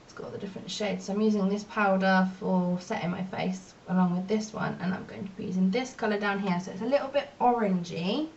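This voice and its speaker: A woman's voice: fairly quick, few pauses, a little mellow. A young woman vlogging in a rambling, chatty, self-mocking way while doing her makeup at home. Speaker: beauty vlogger. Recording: distant, dull lo-fi mic with faint rumble.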